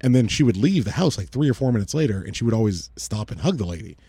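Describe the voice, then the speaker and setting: Fast-talking husky man with a dark voice. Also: on the low side, dry recording. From Southern California. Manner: rapid, animated, restarts often. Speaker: podcast co-host. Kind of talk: casual chat.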